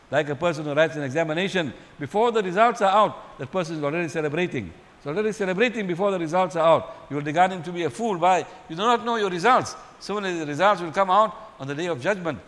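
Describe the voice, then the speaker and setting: A man's voice: a little high, in a large hall. A man giving an earnest Islamic sermon, repeating his points with Arabic and Urdu phrases mixed into his English. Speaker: Islamic preacher.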